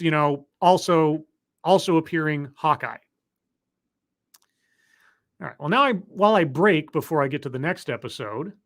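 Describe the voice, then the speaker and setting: A live stream host recapping a TV episode in a casual, rambling way, with sarcastic asides and restarts while clicking through footage. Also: medium pitch. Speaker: show reviewer hosting a live stream.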